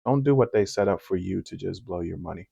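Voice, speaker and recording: A man's voice: low-pitched, a little fast, gravelly, dark tone, husky, no room sound, lo-fi sound. A man hosting a reaction commentary and giving his opinions conversationally, with lots of "you know" fillers. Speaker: commentary host reacting to clips.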